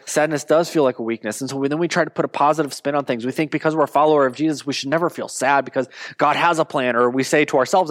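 A man preaching a sermon in an earnest tone, slowing down to stress key words. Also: mid-range voice, no room sound, studio quality. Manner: earnest, slows down for emphasis. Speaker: pastor.

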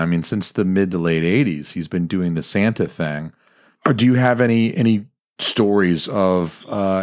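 A young man with a fairly low voice hosting a casual podcast. He chats easily, cracks jokes and gets animated when he tells a story of his own. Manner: chatty, jokey, animated when retelling stories. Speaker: podcast host.

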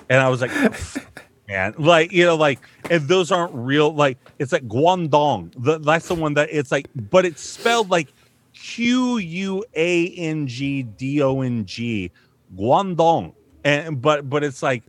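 A voice-over artist chatting casually, rambling with lots of fillers and acting out snippets of narration reads. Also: male voice, on the high side, measured pace, no echo. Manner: rambling, animated, full of "like" and mock voice-over reads. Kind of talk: casual storytelling chat.

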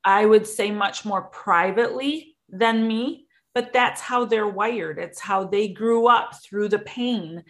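A woman's voice: medium pitch, slow, hardly any pauses, fairly bright tone. A woman in a casual conversation, talking earnestly and openly about feelings. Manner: earnest, openly emotional talk. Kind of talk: casual chat.

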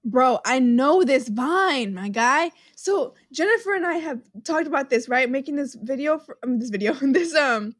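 A woman's voice: high-pitched, animated, normal speed, few pauses, dry recording, studio quality. A young woman co-hosting a casual podcast, giggly and nervous, dropping slang as she guesses quiz answers. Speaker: podcast co-host, quiz contestant. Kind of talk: casual chat.

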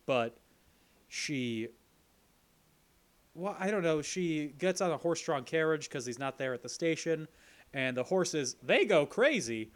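Man casually recapping a movie. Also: fairly high pitch. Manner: joking, recaps plot with playful asides. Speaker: podcast co-host.

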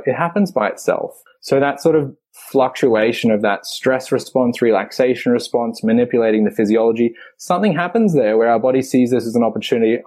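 A man's voice: medium pitch, brisk, darkish tone. A man who runs breathwork sessions, talking earnestly and enthusiastically in an interview, sometimes searching for words. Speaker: breathwork facilitator. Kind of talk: conversational explanation.

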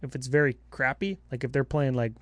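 An animated man co-hosts a casual card-game podcast, cracking quick jokes as he lays out strategy. His voice sits at an ordinary middle pitch. The sound is close and dry. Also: no echo. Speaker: podcast co-host.

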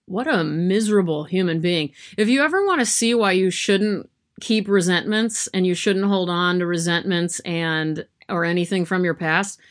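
A woman's voice: fairly low pitch, moderate pace. A woman chatting casually to camera from her yarn room at home, rambling and self-deprecating with lots of fillers. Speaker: vlogger.

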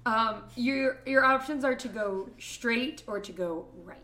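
A woman's voice: a little high, measured pace, bright, forceful tone, roomy sound. A woman narrating as game master, casual and loose, with lots of "um" and "like". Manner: casual, filler-laden narration with frequent "um" and "like".

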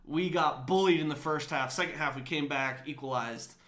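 This is a young man co-hosting a casual sports podcast. His voice is bright and sits a little high. He rambles and restarts, and the room around him is echoey. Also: moderate pace. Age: young adult. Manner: rambling, many likes and restarts. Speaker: podcast co-host.

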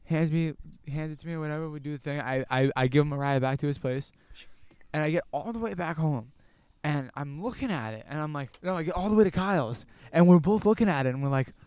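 A man's voice: on the high side, a little fast, clear, resonant tone, dry recording. Young man telling a rambling story. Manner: rambling, animated, swears when worked up. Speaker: podcast guest. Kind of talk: casual storytelling. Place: outdoors.

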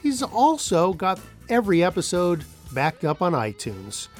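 A male podcast host reading thank-yous and listener mail in a relaxed way, with many fillers. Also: high voice, unhurried, faint music behind.

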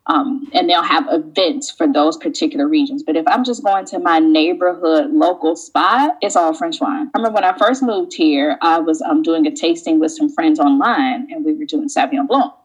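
A woman being interviewed about wine, telling relaxed stories and acting out little exchanges. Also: sits low, normal speed, few pauses, breathy edge, poor audio. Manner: relaxed storyteller, acts out quoted exchanges. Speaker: guest, wine educator. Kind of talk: casual interview conversation. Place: lives in France.

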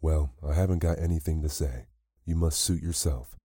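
Sharp-tongued village woman, read by a man. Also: a bass voice, moderate pace, husky, no echo, clean studio sound. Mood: scornful. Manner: scornful, quivering.

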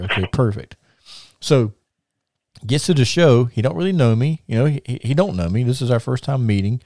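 A man hosting a show, telling his stories casually and in a rambling way, often repeating himself. His voice sits at a middle pitch. The recording is dry and close. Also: expressive, normal speed, mellow, dry recording. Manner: rambling, repeats words, laughs at own stories. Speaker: podcast host and wrestling promoter. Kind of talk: casual storytelling.

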